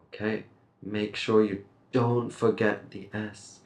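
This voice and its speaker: Slow, deliberate male pronunciation teacher. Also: lowish voice, level tone, gravelly. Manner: reads a script aloud, then breaks words into sounds.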